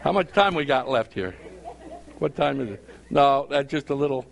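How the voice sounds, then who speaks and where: A man's voice: mid-range voice, expressive, normal speed, gravelly, slight background noise. A male pastor preaching a sermon, repeating phrases for emphasis and calling out questions to his congregation.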